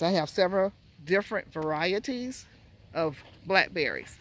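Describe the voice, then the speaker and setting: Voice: mid-range voice, a bit bright. Chatty gardener, breathless and rambling. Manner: chatty, rambling, pauses to recall plant names. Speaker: gardening vlogger. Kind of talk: casual walking tour of a garden. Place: outdoors in a home garden.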